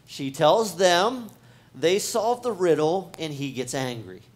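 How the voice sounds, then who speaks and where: A man's voice: on the high side, expressive, slow. A man, a pastor, preaching a sermon in a casual, conversational way, talking straight to the congregation and often restarting his phrases. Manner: talks directly to the congregation.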